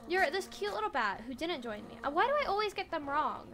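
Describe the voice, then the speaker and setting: A woman's voice: very high voice, very animated, fast talker, few pauses, a bit bright. A young woman giving casual let's-play commentary, chatting, swearing and talking to the game characters as she plays. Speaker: gaming video creator. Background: game music.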